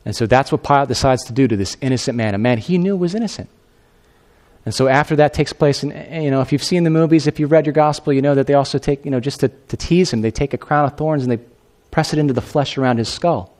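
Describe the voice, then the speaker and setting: A man's voice: medium pitch, fast. A male pastor retells a story in a conversational sermon. He speaks to the congregation directly, tosses in asides, and his voice climbs when he acts out the people in the story. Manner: animated, acts out the quoted figures in a raised voice.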